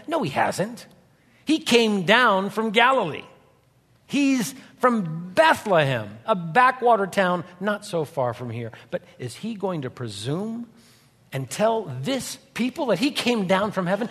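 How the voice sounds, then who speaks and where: A man preaching a sermon, dramatic, swinging between loud, raised lines and hushed, quiet ones. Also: on the high side, animated, measured pace, breathy edge. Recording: long hall reverb.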